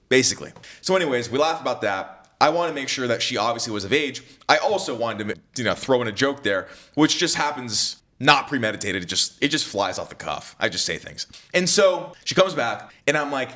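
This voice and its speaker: Young man, dating coach, casual storytelling, very animated pitch, bright voice. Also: fairly quick, few pauses. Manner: animated, acts out both sides of dialogue.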